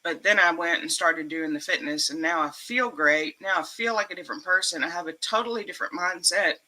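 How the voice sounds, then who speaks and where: A woman's voice: lowish voice, fairly quick, bright, forceful tone. A woman hosting a casual livestream from home, emotional and upbeat, laughing often as she chats. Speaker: livestream host.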